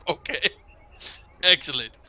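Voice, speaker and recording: A man's voice: high-pitched, wildly swooping pitch, extremely slow, crowd noise. A male player in a tabletop game, answering with dry, wry quips. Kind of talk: casual role-play banter.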